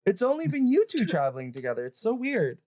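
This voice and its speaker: A man running a tabletop game as game master, narrating in a loose, rambling way full of fillers. His voice is dark and mellow, and the sound is dry and close. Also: high-pitched, wildly swooping pitch, fast, no echo. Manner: rambling, lots of "like" fillers, laughs often.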